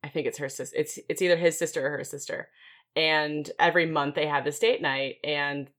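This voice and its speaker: A woman co-hosting a book podcast, with a low-pitched voice. She talks with casual enthusiasm and laughs through her sentences. She swears without a second thought. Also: fairly even intonation, a little fast, fairly bright tone. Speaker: podcast co-host. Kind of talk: casual chat.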